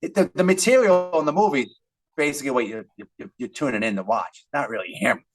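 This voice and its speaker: A man's voice: medium pitch, fairly quick. A man co-hosting a casual podcast, arguing his points with laughs. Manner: argumentative, laughing. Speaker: podcast co-host. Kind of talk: casual chat.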